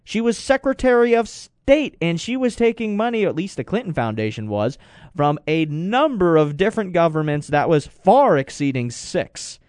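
A man's voice: fairly high pitch, sing-song, moderate pace, a little mellow, clear, resonant tone, dry recording, studio quality. A man giving rambling, digressive commentary with sarcastic asides. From United States. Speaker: political commentator. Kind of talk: casual talk commentary.

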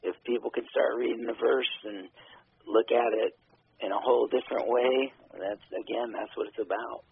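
A man's voice: medium pitch, fairly even intonation, normal speed, gravelly, husky. A man, a filmmaker guest, talking casually in an interview, hesitant, with many ums. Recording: phone-like radio audio.

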